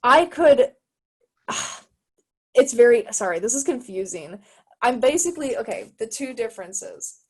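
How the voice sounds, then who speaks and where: A woman's voice: fairly high pitch, expressive, slightly rough. A young American woman talking on a video call, thinking aloud and hunting for the right words. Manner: searching for words, halting and thoughtful. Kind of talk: casual video call chat.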